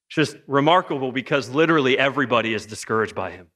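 A man preaching a sermon in a lively, joking way, firing off rhetorical questions. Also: medium pitch, fast, few pauses. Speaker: pastor. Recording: long hall reverb.

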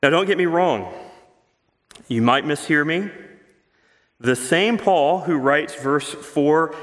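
A man's voice: a little high, fairly bright tone. Earnest male pastor in an echoing hall. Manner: earnest, emphatic, swings between quick asides and slow stressed words. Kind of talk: sermon. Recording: long hall reverb.

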